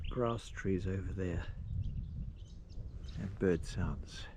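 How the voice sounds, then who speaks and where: A man casually narrating a road trip outdoors, rambling with pauses and fillers. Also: deep voice. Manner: slow, rambling, pausing with fillers. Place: outdoors at campsites and parks. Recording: noisy outdoor recording.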